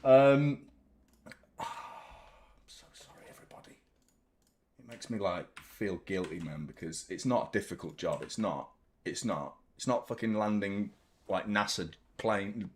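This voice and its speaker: A man hosting a football fan channel, chatting live during a watchalong in a rambling, exasperated way and swearing casually. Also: fairly low pitch.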